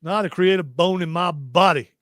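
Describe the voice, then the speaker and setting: A man's voice: sits high, normal speed, no room sound, clean studio sound. A man hosting a radio show, joking through casual on-air banter. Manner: joking, playful, breaks into shouts.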